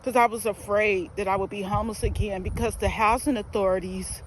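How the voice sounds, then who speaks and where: A woman's voice: mid-range voice, steady tone, brisk, a little hiss or hum, low-quality recording. A woman talking earnestly and emotionally in a casual vlog, with fillers and restarts, filmed outdoors on a phone. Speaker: vlogger. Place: outdoors near a residential field.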